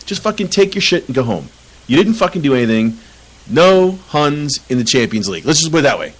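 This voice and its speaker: A man's voice: a little high, very animated, fairly quick, low-quality recording. A man co-hosting a casual soccer podcast, ranting with lots of swearing and frequent laughter. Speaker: podcast co-host.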